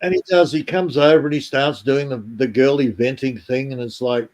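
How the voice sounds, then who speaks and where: A man's voice: medium pitch, steady tone, fairly quick, few pauses, a little mellow. Laid-back man on a chat call. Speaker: friend on call. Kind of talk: casual chat.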